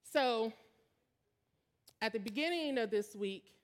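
A woman's voice: on the high side, animated, slow pace. A woman preacher giving a sermon in a candid, storytelling way, building to emphatic points. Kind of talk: conversational sermon.

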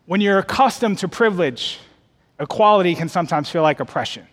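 Man, preacher, high voice, folksy y'all delivery, emphatic rises, long church reverb. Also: fairly quick. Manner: expressive preaching, climbs higher and louder for emphasis; folksy, addresses the congregation as y'all. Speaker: pastor. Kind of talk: sermon.

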